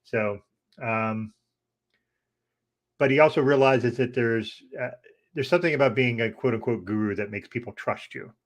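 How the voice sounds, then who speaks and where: A man co-hosting a podcast, recounting things in a relaxed, wry way with frequent "uh" pauses. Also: mid-range voice. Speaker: podcast co-host. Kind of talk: casual discussion.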